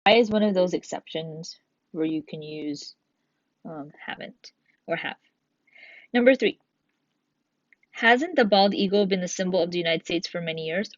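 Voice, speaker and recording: A woman's voice: fairly low pitch, no room sound. A woman teacher giving a recorded grammar lesson, patiently explaining step by step and reading examples aloud. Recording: dull, dry lo-fi sound.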